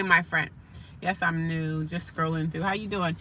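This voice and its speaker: Chatty woman livestreaming, bright voice. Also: low-pitched, steady tone, normal speed. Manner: chatty, reads comments aloud and answers them. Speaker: livestream host. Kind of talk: casual livestream chat. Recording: slightly dull lo-fi sound with faint background noise.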